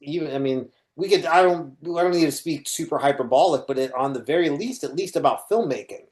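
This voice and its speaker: A man co-hosting a casual film-discussion podcast, measured and reflective, steering the conversation with questions. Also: on the high side, darkish tone. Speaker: podcast co-host.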